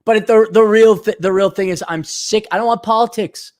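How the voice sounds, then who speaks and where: A blunt, sarcastic man from the Milwaukee area rants straight to camera in a casual vlog. His voice sits a little high for a man. He jumps between jokes, complaints and asides. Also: fairly even intonation, moderate pace. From Milwaukee area, USA. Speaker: vlogger. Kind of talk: casual ranting monologue.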